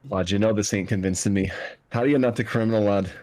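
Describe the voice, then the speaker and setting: A man voicing a gruff male public defender with a put-on brogue, bluntly calling everyone lad. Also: on the low side, quick pace, a little mellow, natural voice, poor audio. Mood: impatient. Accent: put-on Scottish-style brogue.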